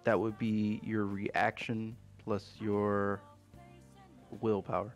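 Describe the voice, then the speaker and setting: A man's voice: on the low side, little pitch movement, slow, faint music behind. A young man running a tabletop game as game master, explaining rules casually and patiently over a voice call.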